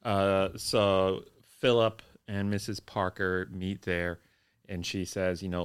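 Wry young man, lowish voice. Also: flat delivery, takes it slowly, clear, resonant tone. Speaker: podcast co-host. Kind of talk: casual movie chat.

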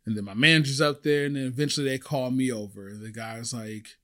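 A young man casually telling a story to camera about his time as a restaurant server, chatty and full of fillers, getting louder and higher when worked up. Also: fairly even intonation, quick pace, hardly any pauses.

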